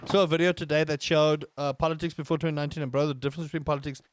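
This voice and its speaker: A man's voice: fairly high pitch, level tone, rapid-fire, dry recording. A man live-streaming a game, talking casually to his chat and ranting with emphatic repetition. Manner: talks to his chat between tangents.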